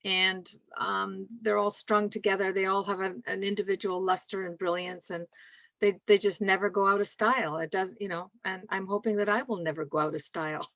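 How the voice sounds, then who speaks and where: A woman's voice: mid-range voice, steady tone, a little fast, creaky, dry recording. Scottish woman, 60s, rambling and laughing, dry video-call sound. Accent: softened Scottish. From Scotland. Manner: warm, rambling, laughs often. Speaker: guest speaker. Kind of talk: casual chat on a video call.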